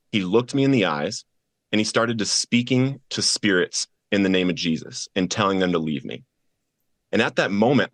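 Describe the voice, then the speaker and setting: A man's voice: lowish voice, fairly bright tone, no echo. A man as a podcast guest, earnestly telling his personal testimony and acting out the voices of the people in his story.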